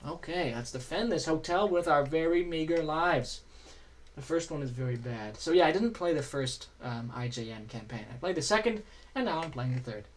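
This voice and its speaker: A man's voice: on the high side, expressive, normal speed. A man streaming a video game, chatting and joking casually as he plays and answers chat. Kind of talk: casual gameplay commentary.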